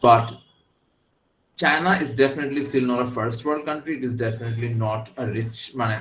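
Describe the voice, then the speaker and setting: A man's voice: medium pitch, quick pace, a bit bright, reverberant, low-quality recording. A man with a Bangladeshi accent teaching a class, switching between English and Bengali and often checking that his students follow. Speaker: university lecturer. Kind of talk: classroom lecture.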